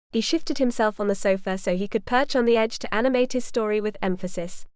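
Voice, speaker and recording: A woman narrating a first-person audiobook in a wry, expressive storytelling manner. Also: on the high side, a little fast, hardly any pauses, clean tone, no echo, clean studio sound.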